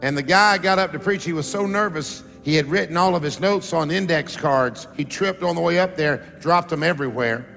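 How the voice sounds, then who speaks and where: A man's voice: fairly high pitch, fairly quick, creaky, few pauses, fairly bright tone, soft background music. A male pastor preaching a sermon to a congregation, calling for responses and stretching out words for emphasis. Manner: rises and draws out words for emphasis. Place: large church sanctuary. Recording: long reverb of a church hall.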